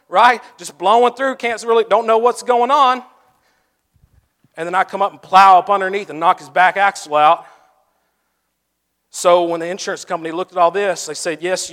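A man preaching a sermon and closing in prayer, telling stories animatedly, swinging from loud to hushed. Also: sits high. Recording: long hall reverb.

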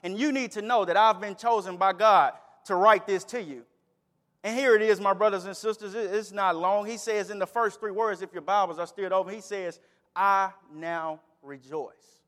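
A man's voice: high-pitched, a little fast, big-room sound. A man preaching a sermon in a church, reading scripture and then telling a story with rising, emphatic delivery. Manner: builds from calm reading to emphatic, raised delivery. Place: church sanctuary.

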